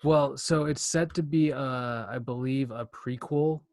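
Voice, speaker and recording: A young man co-hosting a podcast in casual chat, talking fast and rambling, with plenty of swearing. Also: medium pitch, darkish tone, dry recording, studio quality. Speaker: podcast co-host.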